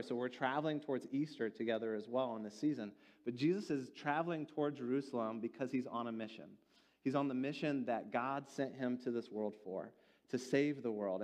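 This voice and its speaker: Earnest male pastor in a reverberant sanctuary. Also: mid-range voice. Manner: earnest, reads scripture slowly then explains with questions to the congregation. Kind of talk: sermon. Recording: church hall with long reverb.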